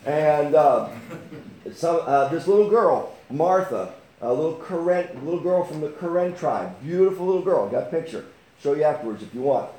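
An older man preaching from his own life, his voice set high for a man. He stops and restarts with plenty of fillers, then swells into fervent outbursts. The sound carries a roomy echo. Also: animated, normal speed, dark tone. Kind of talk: testimony sermon.

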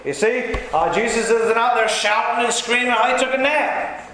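A man preaching a sermon in a folksy, conversational way with quick asides. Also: very high voice, sharp tone. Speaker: pastor. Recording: very echoey church hall, faint room noise.

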